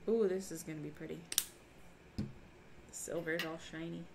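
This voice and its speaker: A woman's voice: low-pitched, fairly even intonation, normal speed, gravelly, noisy background. A woman from Minnesota chatting casually on a crafting livestream, reading chat aloud and laughing often. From Minnesota, USA. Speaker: livestream host.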